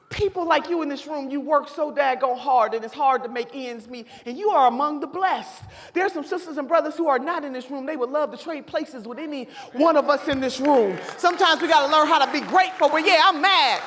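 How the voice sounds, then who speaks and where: Fiery high-voiced woman speaking in a hall. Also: brisk, a faint crowd. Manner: fiery, preacher-like cadence with shouted repetitions. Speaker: convention speaker. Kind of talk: impassioned political speech. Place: large convention hall. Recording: long hall reverb.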